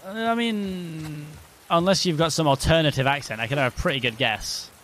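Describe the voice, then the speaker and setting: A man streams a game and jokes with his chat in a loose, casual way. His voice sits at an ordinary middle pitch. Faint rain sounds from the game run underneath. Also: fast talker, bright, forceful tone, a little hiss or hum. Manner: joking banter with chat.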